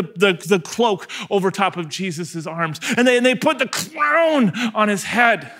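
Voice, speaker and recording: A male pastor preaching an energetic, conversational sermon to a live and online congregation. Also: sits high, unhurried, few pauses. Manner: energetic, conversational, acts out scenes.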